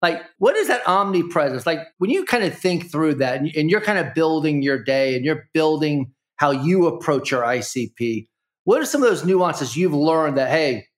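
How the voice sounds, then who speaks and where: A middle-aged man hosting a podcast, asking relaxed, friendly questions with many fillers. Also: a little high, normal speed. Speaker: podcast host. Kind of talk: casual interview chat.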